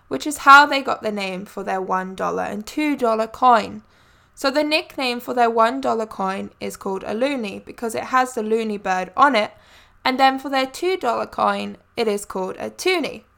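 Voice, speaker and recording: A woman's voice: fairly high pitch, vocal fry, a bit bright. A woman hosting a solo podcast, talking in a chatty, friendly way with light laughs. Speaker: podcast host.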